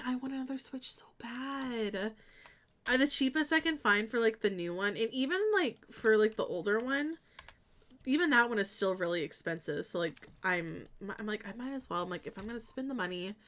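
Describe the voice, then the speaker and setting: A young woman with a mid-range voice streams casually while building in a game. She's chatty and giggly, breaking into sudden bursts of excitement.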